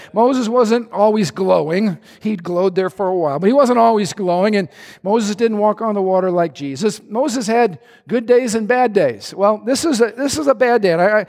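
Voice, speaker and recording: Male pastor, high gravelly voice, lively humorous preaching, echoey hall. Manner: animated, conversational preaching with humor. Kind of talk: sermon.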